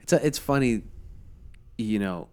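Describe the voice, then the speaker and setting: A man's voice: on the low side, lively intonation, unhurried, darkish tone, clean tone. A man co-hosting a podcast in casual chat, laid-back, swearing freely and laughing often. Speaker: podcast co-host.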